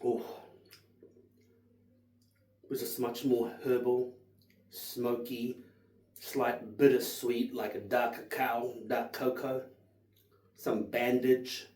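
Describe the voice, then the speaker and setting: A man in his thirties tastes whisky and rambles through his notes, swearing freely and gushing about flavors. His voice is warm and mellow, and it sounds a little distant in a roomy, echoey space. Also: mid-range voice, flat delivery, slow pace, pauses often. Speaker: whisky reviewer. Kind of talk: casual tasting vlog.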